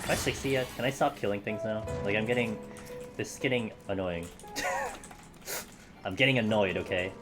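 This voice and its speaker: A video game streamer with a lowish voice chats casually with his live audience while playing, joking and occasionally swearing. He talks at normal speed with frequent pauses, game music playing underneath.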